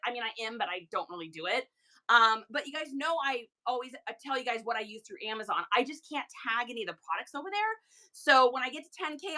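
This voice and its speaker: A woman hosting a reseller livestream, telling a story casually to her chat in an animated way, with quick asides to viewers. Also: fairly high pitch, low-quality recording.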